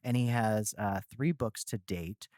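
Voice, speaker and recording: A man's voice: fairly low pitch, measured pace, a little mellow, no room sound, studio quality. A Midwestern American man hosting a podcast, talking enthusiastically with lots of fillers and slang. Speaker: podcast host. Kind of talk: casual podcast chat.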